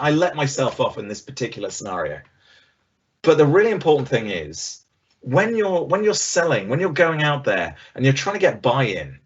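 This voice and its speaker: A middle-aged man giving an online business presentation over a video call, conversational and lively, acting out the voices he quotes. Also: on the high side, slightly rough, lo-fi sound.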